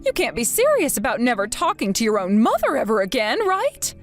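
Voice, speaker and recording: A woman's voice: on the high side, wildly swooping pitch, brisk, faint music behind. A woman voicing a whiny, self-pitying older mother who dramatically pleads with her daughter for money. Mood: pleading. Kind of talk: text-story voice acting.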